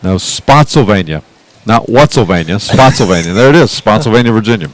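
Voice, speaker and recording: A man doing play-by-play radio commentary for a baseball game, chatting and reading trivia between pitches. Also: animated, a little fast, dry recording, low-quality recording. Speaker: play-by-play announcer.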